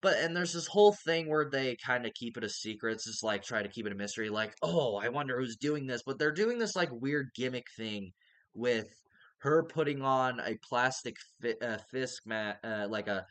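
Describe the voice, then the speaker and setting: A man's voice: mid-range voice, lively intonation, normal speed, a bit bright, smooth. A man casually reviewing a TV show, rambling and hedging, with casual swearing.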